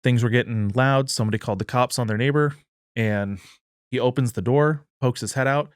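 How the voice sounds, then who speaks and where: A man's voice: mid-range voice, brisk, clean tone, dry recording, studio quality. A man talking earnestly in a political discussion and acting out the quoted dialogue. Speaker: podcast guest, party chair.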